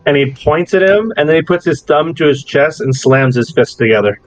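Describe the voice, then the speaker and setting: A man running a tabletop game as game master, narrating in a relaxed, chatty way with lots of casual asides. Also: fairly high pitch, a little fast. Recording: dull lo-fi mic with background music.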